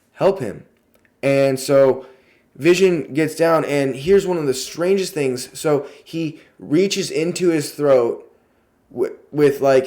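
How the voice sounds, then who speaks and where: A young man in a casual review vlog, excitable and rambling, who swears freely and gushes in spurts. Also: medium pitch. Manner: lots of fillers and restarts in a gushing delivery.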